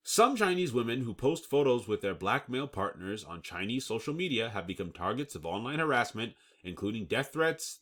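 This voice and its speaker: His mid-range voice sounds bright and forceful as this man runs his own channel, reading the news and reacting to it with emphasis. He asks "okay?" a lot, stumbles now and then, and laughs at himself when he does.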